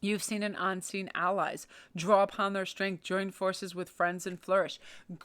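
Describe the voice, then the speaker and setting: Woman tarot reader, encouraging and direct, medium pitch. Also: little pitch movement, moderate pace, clear, resonant tone. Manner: warm, encouraging, speaks directly to the viewer. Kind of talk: pick-a-card tarot reading.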